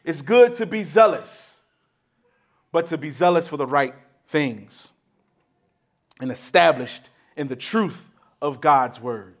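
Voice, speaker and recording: A man's voice: on the high side, expressive, takes it slowly, pauses often. A man preaching a sermon, teaching emphatically, restarting phrases and checking in with the congregation. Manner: emphatic teaching with frequent restarts and rhetorical "right?".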